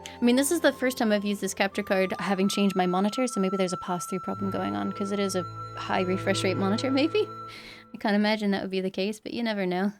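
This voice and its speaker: Her mid-range voice moves at a quick pace as this young woman comments on a game she's streaming live from home. Game music plays behind her while she chats casually, laughs frequently, and calls out viewers by name with thanks.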